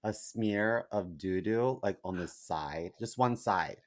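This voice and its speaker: A man's voice: lowish voice, slow pace. A man co-hosting a comedy podcast, talking in a sassy, flamboyant, gossipy way in casual chat. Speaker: podcast co-host.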